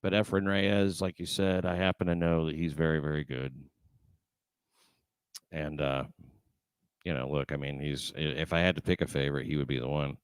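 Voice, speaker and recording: A man's voice: very deep voice, little pitch movement, moderate pace, pauses often, clean tone, no echo. A man hosting a livestream, chatting casually and reading viewer comments, rambling and swearing with many fillers and restarts. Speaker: show host reading live chat.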